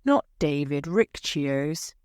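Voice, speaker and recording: A woman's voice: sits low, lively intonation, slow, a little mellow, clean tone, no room sound, studio quality. A woman voicing a jealous, mocking young husband who taunts his wife.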